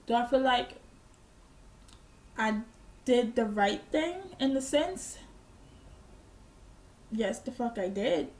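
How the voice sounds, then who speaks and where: A woman's voice: on the high side, animated, slow, long pauses, a little mellow. A young woman vlogger telling a casual storytime, blunt and profane, proudly petty and unbothered. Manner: boastfully petty.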